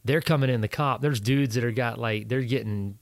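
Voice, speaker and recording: A man's voice: mid-range voice, brisk, vocal fry, no echo. A combat veteran, a man, telling war stories casually on a podcast, swearing freely and acting out the voices he quotes. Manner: animated storyteller, swears, acts out quoted voices. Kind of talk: casual storytelling. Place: indoor podcast setup.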